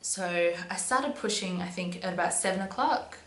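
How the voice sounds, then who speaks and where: A woman's voice: on the low side, expressive, moderate pace, fairly bright tone. A young woman telling a personal story in a casual, chatty way, with lots of "um"s and "but yeah"s. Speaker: vlogger. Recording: echoey room with faint hum.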